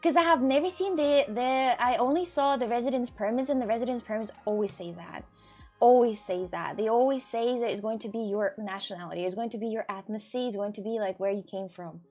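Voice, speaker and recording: A woman vlogger in casual chat, arguing her point with halting restarts and fillers. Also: on the high side, mellow, faint music behind.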